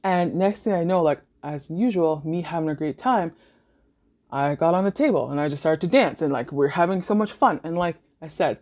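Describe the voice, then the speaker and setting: A woman's voice: deep voice, normal speed, darkish tone. A young woman from Canada hosting a podcast, telling party stories casually, swearing freely and laughing often. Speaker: podcast host. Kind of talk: casual storytelling monologue.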